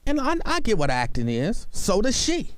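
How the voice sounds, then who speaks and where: A man's voice: high-pitched, wildly swooping pitch, normal speed, no room sound. A man hosting a talk radio show from a studio, arguing his point emphatically and hammering it home by repeating himself. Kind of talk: opinionated talk radio monologue. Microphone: studio microphone.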